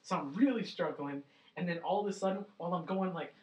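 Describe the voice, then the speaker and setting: Animated young man on a roomy podcast mic. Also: sits high, fast talker. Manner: animated storyteller, swears freely, voices others in quotes. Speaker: podcast co-host. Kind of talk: casual podcast chat. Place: small home studio. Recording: roomy, distant mic, poor quality.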